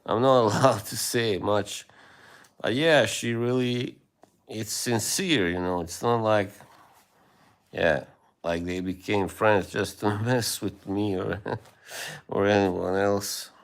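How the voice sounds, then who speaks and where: A man hosting a livestream, chatting casually with viewers in a rambling, hesitant way with many fillers and soft laughs. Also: on the low side, steady tone, takes it slowly. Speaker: livestream host.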